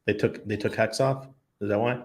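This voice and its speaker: This crypto host broadcasts casually from home in Panama. His voice is lowish and even, at a moderate pace, as he reads out comments from viewers and responds to them spontaneously and conversationally.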